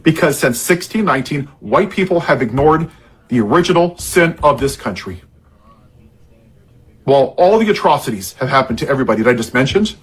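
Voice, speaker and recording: Mid-range and breathy, with lively intonation and a fairly quick pace, a man's voice drives an impassioned political rant. Anger, frustration, and heavy ironic sarcasm run through it.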